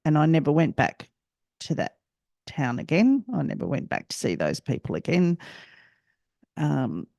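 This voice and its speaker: Australian woman, podcast host, personal story, halting reflective delivery, gravelly voice, dry close sound. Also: low voice, sing-song, mellow, no room sound, muffled recording. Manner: reflective, halting, repeats phrases.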